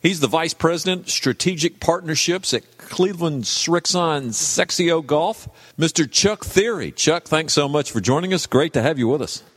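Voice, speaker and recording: A man's voice: fairly high pitch, lively intonation, normal speed, husky. A man hosting a podcast interview in a friendly, upbeat, conversational way. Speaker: podcast host. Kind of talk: casual interview.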